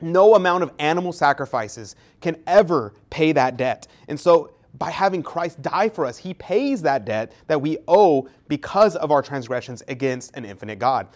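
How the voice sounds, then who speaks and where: A man with a fairly high-pitched voice delivers an earnest catechetical talk. He speaks emphatically, stressing his points and sometimes restarting a phrase as he explains. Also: expressive, moderate pace, few pauses. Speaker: Catholic speaker.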